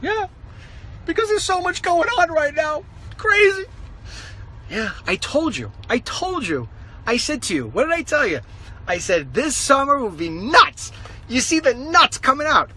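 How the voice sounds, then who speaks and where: A middle-aged man, a conservative radio host, rambles through an animated walk-and-talk vlog, telling stories and ranting. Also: extremely high pitch, unhurried, low-quality recording. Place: outdoors, walking.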